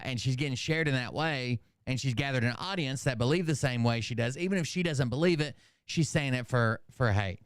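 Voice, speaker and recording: A man talks through his commentary in a loose, rambling way, with swearing dropped in. His voice is smooth and resonant. The recording is dry and close. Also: mid-range voice, no room sound. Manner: rambling, profane, conversational. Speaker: commentary channel host. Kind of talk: casual reaction commentary.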